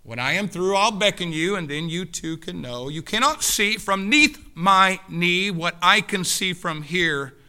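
A gentle mother reassures her restless young son, voiced by a man reciting a poem in a sermon. The tone is bright and tender, soft and reassuring. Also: high-pitched, unhurried, hardly any pauses, clean tone, pitched above the performer's own voice, heavily acted. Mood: soothing.

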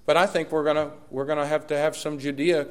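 A man, a pastor preaching a sermon and telling a story with lively, emphatic repetition. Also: a little high, quick pace.

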